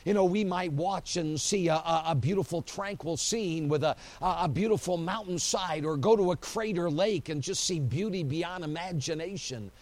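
Male pastor, somewhat high voice, lively storytelling sermon in church. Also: moderate pace, few pauses. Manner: animated storytelling, acting out quotes, frequent "you know" fillers. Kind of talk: preaching a sermon. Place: church during an evening service.

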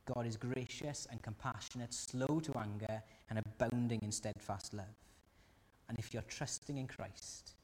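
A man preaches in an earnest voice of middling pitch, pressing his listeners with question after question. His words ring out with a long reverb, as in a large church hall. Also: fairly even intonation, a little slow, darkish tone. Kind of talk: sermon.

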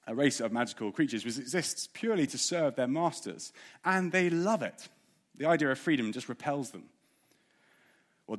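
A man preaching a sermon in an earnest way, asking the congregation rhetorical questions. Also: mid-range voice.

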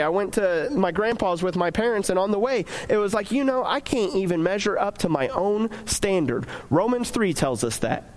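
Young male preacher with a high voice, conversational delivery that slips into acted-out inner voices. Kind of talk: casual sermon.

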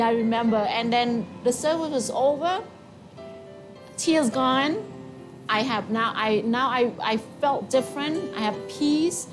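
A woman with a fairly high voice tells her personal faith testimony. She speaks in halting, emotional phrases and often restarts. Music plays clearly behind her. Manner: halting, emotional storytelling with repeats.

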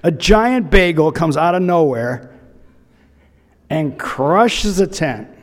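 A man's voice: fairly high pitch, animated, takes it slowly, in a large hall. A man preaching a sermon, retelling a scripture story with humorous asides. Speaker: pastor.

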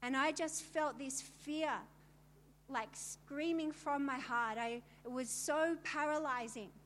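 A middle-aged woman with a high voice shares her testimony with a gathering of women. She tells it in vivid detail and turns to the listeners with emphatic asides. A faint hiss sits under her voice. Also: slow, a bit bright. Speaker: speaker telling her story to a women's gathering. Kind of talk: personal testimony talk.

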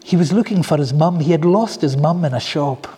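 A man preaching a sermon, telling stories in an earnest, heartfelt way with soft asides. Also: a little high, fairly quick, breathy edge, in a large hall. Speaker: pastor.

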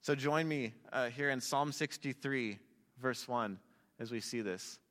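Guy preaching a sermon, chatty and jokey, bright voice, big reverby hall. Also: mid-range voice, measured pace. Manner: casual, conversational preaching with asides to youth. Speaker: pastor.

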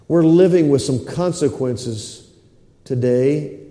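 A fervent man preaching, his voice high but mellow and dark in tone. He circles back over his phrases and sometimes drops to a near hush. The sound rings out with a long reverb through a large church sanctuary. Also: normal speed. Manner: impassioned, repeats phrases, drops to a low hush. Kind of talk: sermon. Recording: echoey hall with long reverb.

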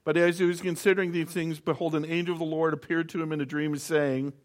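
A man's voice: fairly high pitch, level tone, fast talker, few pauses. A middle-aged man preaching a sermon, reading scripture aloud and explaining it in a conversational way with stories from home. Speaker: pastor.

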